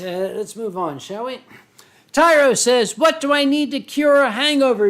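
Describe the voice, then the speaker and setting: A man in his fifties hosting a casual live stream while drinking wine and answering chat. He talks in a slow, rambling, profane way, with dramatic pauses and theatrical swings between loud outbursts and quiet asides. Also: very high-pitched. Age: 50s.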